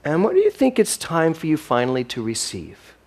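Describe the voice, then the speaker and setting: Animated male minister preaching. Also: fairly high pitch, fairly quick. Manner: animated, rising emphatic preaching with playful asides. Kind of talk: sermon.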